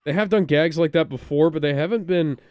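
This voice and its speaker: Smooth-voiced sardonic podcast co-host. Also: mid-range voice, brisk, darkish tone, no echo. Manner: sardonic, profane ranting with mock laughter. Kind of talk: casual reaction commentary.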